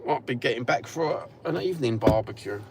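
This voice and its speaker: Inside a car, with the engine noise audible behind him, a middle-aged Cockney vlogger from East London talks bluntly and swears as he drives. His mid-range voice is creaky, fairly quick and lively in intonation. It's a rambling, casual chat on the road.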